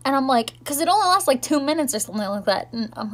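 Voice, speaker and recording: A young woman talks straight to the camera in a loose, rambling vlog style. She fills her sentences with "like" and "um", and her voice sits a little high. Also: expressive, fast, fairly bright tone. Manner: chatty, rambling, lots of "like" and "um". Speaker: vlogger. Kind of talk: casual chat recapping the year.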